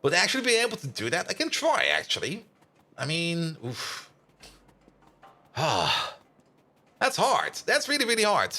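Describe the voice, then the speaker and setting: A man's voice: high-pitched, wildly swooping pitch, measured pace, pauses often, bright, forceful tone. A young man, a native German speaker with a German accent, chatting casually with his viewers while playing a game on a live stream. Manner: chatty, answers chat, hums and laughs while playing.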